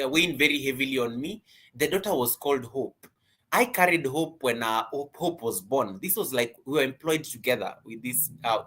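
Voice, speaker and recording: A man's voice: medium pitch, pushed and bright. A man hosting a casual live-stream class, chatty and teasing, greeting viewers by name. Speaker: live-stream host and YouTube coach.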